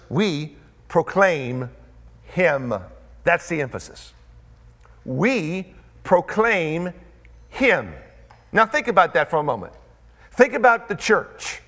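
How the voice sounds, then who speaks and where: Man preaching, high voice, very animated pitch, emphatic repetition, dramatic pauses. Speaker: pastor. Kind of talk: sermon.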